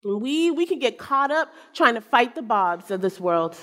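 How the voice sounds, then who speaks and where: A woman preacher telling a personal story in a sermon, animated and self-mocking, acting out the people in it. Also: fairly high pitch, normal speed. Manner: animated, acts out quotes, self-mocking humor. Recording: long hall reverb.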